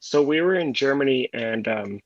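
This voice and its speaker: A man's voice: medium pitch, animated, normal speed, no room sound. A man telling jokey stories and swearing freely in a casual group chat. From United States. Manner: joking storyteller, swears freely. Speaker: podcast co-host. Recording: dull dry sound.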